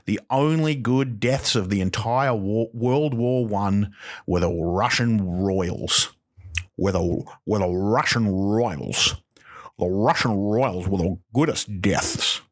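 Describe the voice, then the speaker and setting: A man's voice: on the low side, slow. Sweary man ranting. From Australia. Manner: sweary, rambling, sarcastic. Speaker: comedian, podcast host. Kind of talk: stand-up style rant.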